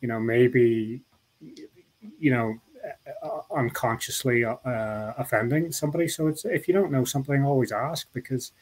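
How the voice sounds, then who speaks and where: A man's voice: medium pitch, moderate pace, darkish tone, rough recording. Man, Northern Irish accent, middle-aged, interview guest, rambling, restarts a lot. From Northern Ireland. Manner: rambling, many restarts and "you know" asides. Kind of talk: casual interview talk.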